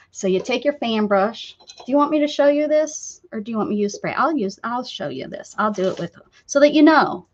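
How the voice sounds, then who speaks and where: Chatty, giggly woman who hosts an art stream, bouncy pitch, lo-fi audio. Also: expressive, moderate pace, hardly any pauses. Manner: chatty, giggly, self-teasing. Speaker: art livestream host. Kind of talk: casual livestream chat while crafting. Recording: dull lo-fi sound.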